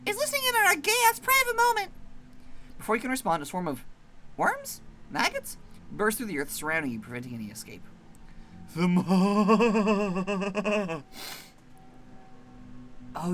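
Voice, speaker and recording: A streamer playing a narrative game, reading the text aloud and reacting in an expressive, profane way. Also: medium pitch, slight background noise. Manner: expressive, swears a lot, swings between reading and reacting.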